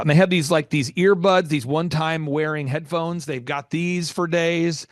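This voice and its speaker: A man hosting a business podcast, talking emphatically, repeating his points and leaping up in pitch in disbelief. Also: moderate pace, dry recording, studio quality. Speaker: podcast host, business coach. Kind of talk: animated interview talk.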